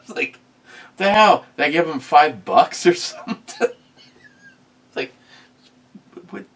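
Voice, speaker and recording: Slow, sarcastic man reading chat. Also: a little high, expressive, breathy edge, recorded from a distance. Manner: sarcastic, rambling, many fillers. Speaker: host reading live chat. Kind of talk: casual livestream chat.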